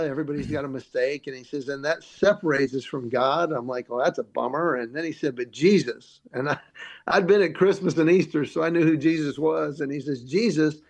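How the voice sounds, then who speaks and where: Male comedian guest, lively storyteller, voices in his quotes, a little high-pitched. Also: gravelly. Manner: animated, acts out quoted voices. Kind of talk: storytelling interview.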